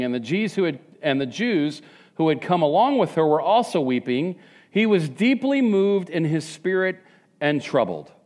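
A man with a rather high voice delivers a sermon as a pastor, keeping it conversational. He moves back and forth between hushed reflection and emphatic questions.

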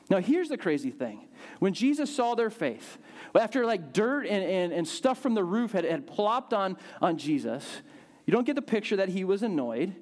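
A man preaching a sermon, telling a Bible story in a lively way and acting out the quotes with big swings in his voice. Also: sits high, normal speed. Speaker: pastor.

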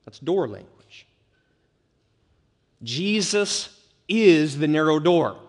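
A man's voice: a little high, lively intonation, slow. A male pastor preaching an expository sermon, stressing key words by repeating them. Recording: long reverb of a large hall.

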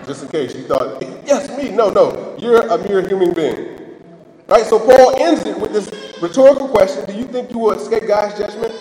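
A man with a high voice preaches a sermon in a loose, conversational way, checking in with "right?" and restarting his sentences. He sounds as if he is in a church hall, with a long, roomy echo around his voice. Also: lively intonation, moderate pace, mellow.

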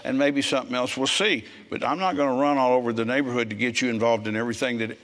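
A man in his seventies preaching a sermon, telling stories bluntly and growing forceful when he scolds. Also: medium pitch, fairly even intonation, fast talker. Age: 70s. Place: church service with congregation.

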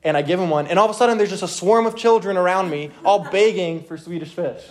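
A young man teaching a youth group from the Bible in a casual, energetic way, often checking in with his listeners. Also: sits high, quick pace. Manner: energetic, checks in with "okay?" constantly.

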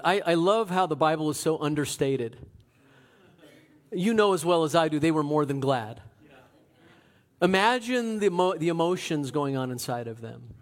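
A man preaching a sermon, telling the story in an animated way that swings from loud to hushed. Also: a little high. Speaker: pastor.

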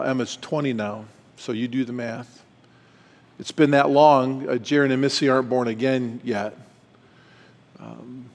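A man's voice: mid-range voice, creaky. A middle-aged man speaking at a retreat, telling a personal story and acting out the dialogue with animation. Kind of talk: storytelling talk. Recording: long hall reverb.

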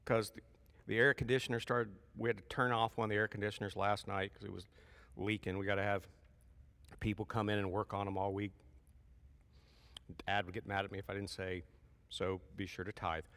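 A man preaching a sermon in a church, lively and emphatic, with folksy asides between loud peaks of emphasis. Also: fairly low pitch, a little fast, pauses often, big-room sound. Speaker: pastor.

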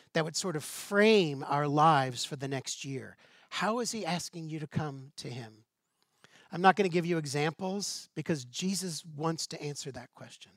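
Slightly high-voiced man preaching conversationally. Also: dry recording, clean studio sound. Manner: conversational, with rhetorical questions and light asides. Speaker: pastor. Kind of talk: sermon.

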